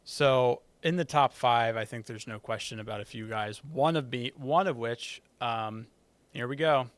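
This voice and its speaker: Man, mid-range pitch, relaxed podcast co-host, chuckles and hedges. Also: measured pace, no echo. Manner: laid-back, chuckles often, hedging. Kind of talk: casual sports podcast chat.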